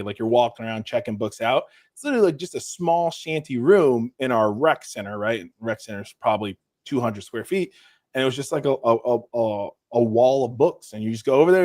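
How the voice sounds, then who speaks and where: A man talking as a podcast guest in casual interview chat, rambling with many restarts and fillers, relaxed and self-deprecating. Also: medium pitch, no room sound, studio quality.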